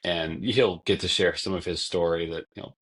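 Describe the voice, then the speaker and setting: A young man with a fairly low voice talks casually as a podcast guest. He tells long stories and often acts out what others said. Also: steady tone, moderate pace, a bit bright, slightly rough. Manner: long-winded storytelling, acts out quotes. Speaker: podcast guest, former basketball player. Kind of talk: casual conversation.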